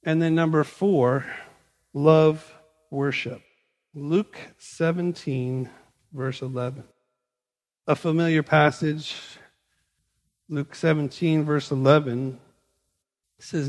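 Male pastor, fairly high voice, chatty animated storytelling, long hall reverb. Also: takes it slowly, pauses often. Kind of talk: sermon.

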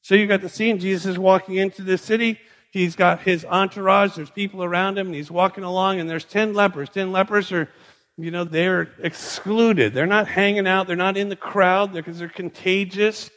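Male pastor, fairly high voice, chatty animated storytelling, long hall reverb. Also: moderate pace. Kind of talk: sermon.

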